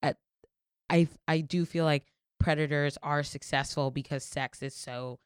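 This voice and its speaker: A woman's voice: deep voice, fairly even intonation, a little slow, clear, resonant tone, no room sound, studio quality. A young adult woman in a casual podcast chat, telling a story with lots of "like" fillers and free swearing. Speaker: podcast guest.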